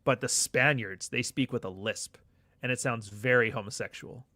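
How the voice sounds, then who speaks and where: A man's voice: mid-range voice, moderate pace, pushed and bright, no echo. Joking, profane man hosting a live chat show. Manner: loose, profane, joking banter with frequent asides. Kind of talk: casual livestream chat, reading viewer comments.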